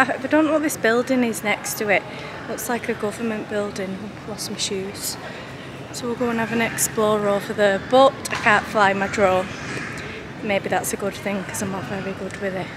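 A woman, chatting casually to camera as she walks around on a travel vlog. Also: a little high. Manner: chatty, walking while filming. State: out of breath at times. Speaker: travel vlogger. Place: outdoors at a busy city mosque and gardens. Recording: outdoor city noise behind voice.

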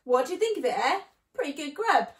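A woman's voice: high-pitched, animated, normal speed. Boastful grinning fox father, commanding, storybook, woman reading, roomy sound. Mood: gleeful. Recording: echoey room.

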